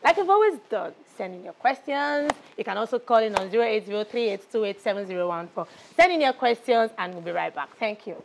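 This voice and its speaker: A woman's voice: mid-range voice, expressive, quick pace, vocal fry, few pauses, heavy background noise. A woman from Nigeria playing a chatty young TV talk show host in a film, with repetitive presenter patter. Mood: upbeat.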